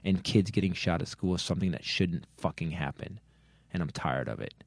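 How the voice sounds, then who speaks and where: Middle-aged guy, real low voice, cursing a lot on his podcast, dry close sound. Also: brisk, vocal fry, dry recording. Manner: swears heavily, earnest angry rant with restarts. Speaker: podcast host. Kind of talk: comedy podcast chat and rant.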